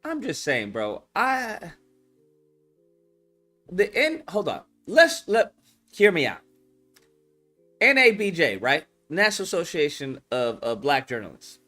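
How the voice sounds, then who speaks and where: A man giving casual commentary, animated and profane, repeating his points. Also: a little high, slow, pauses often, soft background music. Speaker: online commentator.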